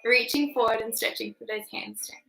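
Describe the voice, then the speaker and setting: A woman's voice: fairly high pitch, steady tone, brisk, creaky, a bit bright, soft background music. A young woman with an Australian accent guiding an online Pilates class, chatty and informal with lots of ums. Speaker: Pilates instructor. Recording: echoey room.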